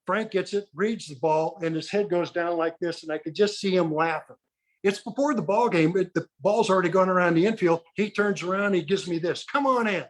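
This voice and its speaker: A man in his sixties, formerly a pitcher, shares anecdotes as a guest in a high-pitched voice at a slightly fast clip. He's a lively storyteller who acts out everyone he quotes.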